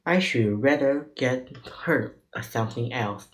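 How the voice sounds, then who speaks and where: Mild, timid storybook monk, male, slow and soft-hearted, read by a man. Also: medium pitch, lively intonation, close to an everyday voice. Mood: gentle. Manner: mild, stammering when scared.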